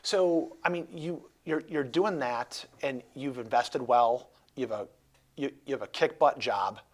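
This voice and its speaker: A man hosts a relaxed talk interview in a husky voice. He rambles, restarts his sentences and jokes around as he goes. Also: medium pitch, a little slow. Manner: rambling, jokey, many restarts. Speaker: host. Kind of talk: casual interview chat.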